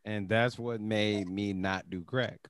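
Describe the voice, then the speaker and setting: A man's voice: lowish voice, steady tone, slow pace, smooth. A young man in casual banter, cracking profane jokes and laughing a lot. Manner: profane, jokey, laughs often, riffs with mock voices.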